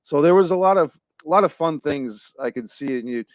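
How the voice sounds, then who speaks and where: Halting man with a dry-sounding voice. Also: fairly high pitch, animated, no room sound. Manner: halting, searching for words. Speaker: podcast co-host. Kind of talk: casual podcast chat.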